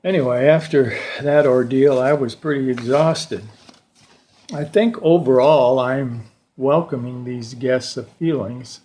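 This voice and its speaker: An older man giving a slow, reflective personal talk at a church service, telling stories with pauses. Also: medium pitch, dark tone. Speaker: church lay speaker.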